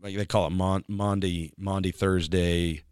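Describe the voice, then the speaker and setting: This worship pastor has a low, level, somewhat dark voice that is clear and resonant, and he speaks a little slowly. He rambles through casual chat, leaning on fillers and slipping into snippets of singing. The sound is studio quality with no room noise.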